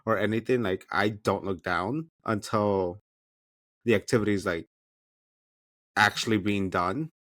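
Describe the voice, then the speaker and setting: A man co-hosting a podcast, reacting expressively and chattily to a reality TV episode. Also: fairly low pitch. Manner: expressive, chatty, quick asides. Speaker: podcast co-host. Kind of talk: casual TV recap chat.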